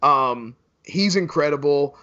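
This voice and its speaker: A man's voice: on the high side, slow, bright, forceful tone. Wry podcast man on a lo-fi laptop. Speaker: podcast co-host. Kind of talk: casual chat. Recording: dull lo-fi laptop call audio.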